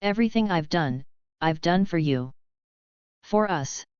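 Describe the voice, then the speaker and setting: A cold, unhurried alien father speaks in a flat, matter-of-fact way, as a woman narrator reads him. The voice sits low and very clear, in a dry, slightly dull recording. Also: no echo. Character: cold, calm alien father, middle-aged man.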